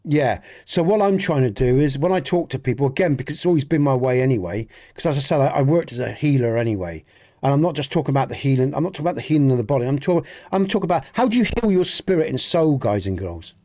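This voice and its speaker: A man's voice: mid-range voice, lively intonation, fast, warm tone. A man with a Dorset accent from southwest England, chatting with live viewers during a game stream in a rambling, earnest way that often repeats and restarts words. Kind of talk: casual chat with live viewers.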